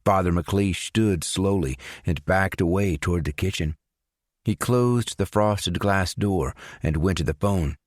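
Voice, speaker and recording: Man, audiobook narration, very low voice, slow and measured, dry close sound. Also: darkish tone, no echo. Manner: measured, unhurried reading with voiced dialogue. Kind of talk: scripted narration.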